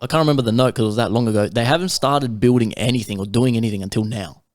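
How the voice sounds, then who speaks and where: A man's voice: medium pitch, very fast, no echo, studio quality. A young man telling a rambling, sweary story in casual podcast chat. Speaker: podcast co-host.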